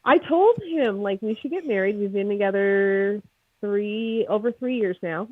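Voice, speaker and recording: A woman with a Maritime Canadian accent, a snake breeder chatting as a guest in a casual livestream interview, excitable and jokey. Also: medium pitch, unhurried, no echo. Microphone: video call. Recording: tinny phone-like video call line.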